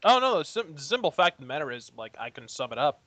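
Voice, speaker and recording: A man co-hosting a gaming podcast, ranting with a bright, forceful edge and foul-mouthed insults. The sound is dry and close. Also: on the high side, sing-song, brisk, dry recording. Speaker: podcast co-host. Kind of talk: casual chat.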